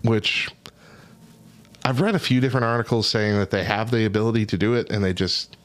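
Animated man in his thirties. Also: on the low side, a little fast. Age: 30s. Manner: animated storyteller acting out phone calls. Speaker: radio podcast host. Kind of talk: casual chat.

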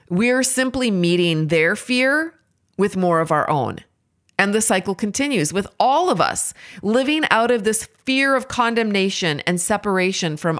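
A woman's voice: on the low side, a bit bright. A woman speaking in a candid, self-examining way, giving a reflective monologue on faith and parenting.

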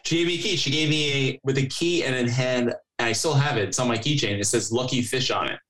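A man's voice: mid-range voice, fast talker, fairly bright tone, poor audio. A man guest on a podcast, chatting casually and telling rambling stories full of fillers and acted-out dialogue. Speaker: podcast guest, company co-founder. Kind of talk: casual chat.

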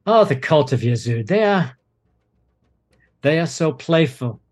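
A man voicing a smooth, mocking male cult leader who speaks with quiet menace. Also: on the high side, lively intonation, measured pace.

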